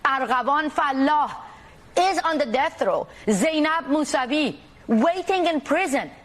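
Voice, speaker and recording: A woman's voice: high voice, expressive, unhurried, fairly bright tone. A woman activist from Iran speaking in a TV interview, fervent and indignant.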